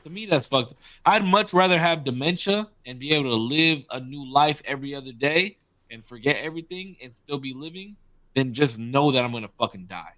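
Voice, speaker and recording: A man's voice: medium pitch, lively intonation, a little fast, a bit bright, no room sound. A man co-hosting a podcast in casual chat, blunt and profane, talking with emphasis. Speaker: podcast co-host.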